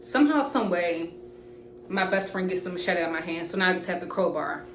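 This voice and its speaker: A young woman, casually telling an animated, profane storytime to camera. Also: on the low side, fairly quick. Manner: animated, profane, jumps into quoted voices. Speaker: storytime vlogger. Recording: roomy echoey room with faint hiss.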